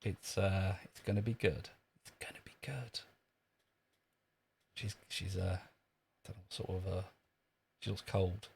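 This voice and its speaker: Man, gravelly voice, dry sardonic jokes, casual streamer chat. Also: deep voice, steady tone, unhurried, long pauses, a little mellow, slight background noise. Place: outdoors in a long queue.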